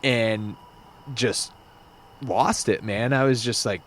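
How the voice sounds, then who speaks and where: A young man guest on a podcast, telling a story casually with halting restarts. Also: medium pitch, steady tone, slight background noise.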